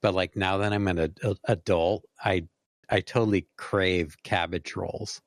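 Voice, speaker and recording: Low-voiced easygoing man, dry. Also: fairly even intonation, measured pace, dry recording. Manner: easygoing, short agreeing replies, joking. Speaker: podcast co-host. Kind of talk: casual chat.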